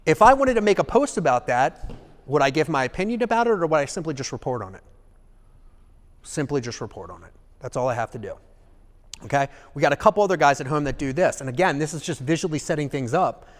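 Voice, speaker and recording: A man giving a live seminar talk in an animated way, acting out examples and checking in with the audience. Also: a little high, fast, long reverb tail. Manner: animated, acts out examples, asks the audience "okay?". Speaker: seminar speaker.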